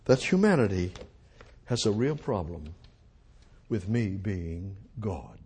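A preacher speaking as God, low and hushed. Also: male voice, big pitch swings, slow pace, slightly rough, exaggerated voice. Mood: insistent. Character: God speaking, calm and commanding. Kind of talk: sermon.

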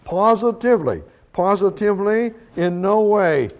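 A man teaching a verse-by-verse Bible sermon, slow and emphatic, repeating words as he explains. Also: a little high, lively intonation, darkish tone. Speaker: preacher.

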